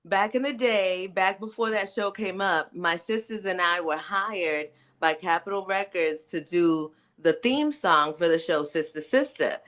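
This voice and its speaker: A woman guest on a livestream chat, talking in an animated, quick storytelling way. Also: on the low side.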